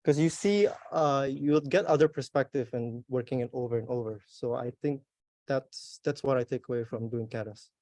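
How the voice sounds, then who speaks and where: A man's voice: mid-range voice, moderate pace, a little mellow, no room sound. A young man with an Australian accent giving a tech talk at a meetup, hesitant and plain-spoken with restarts. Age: young adult. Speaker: conference speaker.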